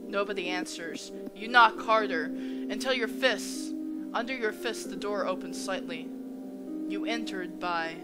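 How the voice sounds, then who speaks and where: A woman's voice: mid-range voice, unhurried. A woman playing a visual novel, reading its narration aloud and reacting with stunned exclamations. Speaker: let's play gamer. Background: game music.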